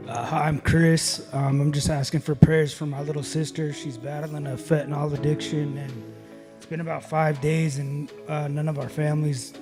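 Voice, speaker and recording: A man at a recovery meeting asking for prayer in a subdued, halting way. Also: a little high, flat delivery, music in the background. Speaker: meeting attendee.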